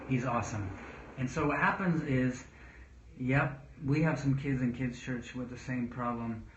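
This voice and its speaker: A man who is a children's pastor, giving casual parenting advice to camera in a rambling way with restarts. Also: mid-range voice. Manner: rambling, with restarts and calm demonstrations of speech. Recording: roomy, dull sound with faint noise.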